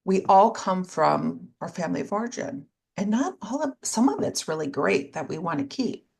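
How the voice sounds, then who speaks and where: A woman's voice: on the low side, big pitch swings, normal speed, vocal fry, darkish tone. A woman co-hosting a podcast, speaking candidly about herself with self-deprecating humor and dry sarcasm in casual conversation. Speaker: podcast co-host. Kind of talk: casual chat.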